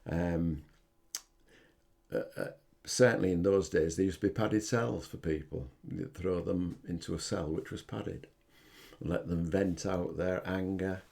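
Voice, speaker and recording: An older man speaks in a very low, gravelly voice. He hosts a podcast, telling personal stories in an earnest, halting manner, often pausing to find his words. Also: fairly even intonation, a little mellow. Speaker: podcast host. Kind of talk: personal reflective monologue.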